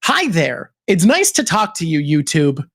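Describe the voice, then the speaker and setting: A streamer imitating a polite Toronto person in a Toronto accent, with sharp pronunciation and louder sentence openings. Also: medium pitch, huge pitch swings, unhurried, heavily acted. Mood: chirpy. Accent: Toronto Canadian imitation. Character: polite Toronto person, crisp and a bit loud.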